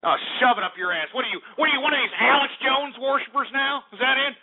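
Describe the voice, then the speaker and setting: Foul-mouthed male call-in host, high pitch, lo-fi radio sound. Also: fast talker. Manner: angry, insulting, swears at callers. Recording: phone-like lo-fi radio.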